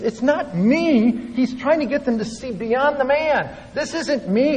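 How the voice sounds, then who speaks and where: A man preaching a Bible class sermon, animatedly acting out scripture dialogue and sometimes rising to a shout. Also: high voice. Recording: dull recording in a reverberant hall.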